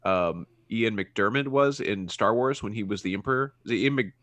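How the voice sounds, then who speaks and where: A man co-hosting a podcast, talking casually about movies and searching for words as he goes, getting animated when something puzzles him. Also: on the low side, moderate pace, no echo. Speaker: podcast co-host.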